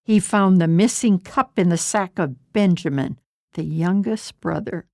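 A woman narrating a scripted story with slow, deliberate reading. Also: on the low side, darkish tone, no echo, studio quality.

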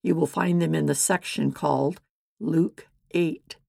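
A woman narrating a Bible story in a measured, deliberate scripted reading. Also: low voice, fairly even intonation, gravelly, dark tone, dry recording, clean studio sound.

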